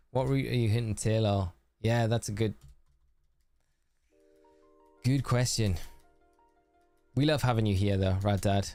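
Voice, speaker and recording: A man's voice: fairly low pitch, unhurried, long pauses, dark tone, soft background music. A man streaming a game live, chatting casually and reading viewer messages aloud as he answers them.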